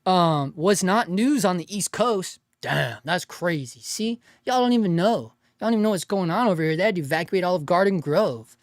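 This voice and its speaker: A man's voice: sits high, lively intonation, normal speed, few pauses, dry recording, clean studio sound. A man hosting a casual livestream, reading chat aloud in a laid-back way, laughing often and calling people dude and bro.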